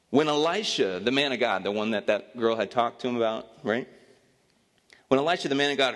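A man's voice: mid-range voice, a bit bright. A man giving a casual, joking sermon as a pastor, telling a Bible story in an easygoing, conversational way. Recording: long reverb of a hall.

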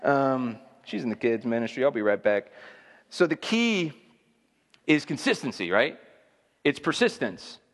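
A man's voice: mid-range voice, animated, measured pace, pauses often, big-room sound. A man preaching a sermon in a conversational, emphatic way, building intensity as he makes his points. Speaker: pastor.

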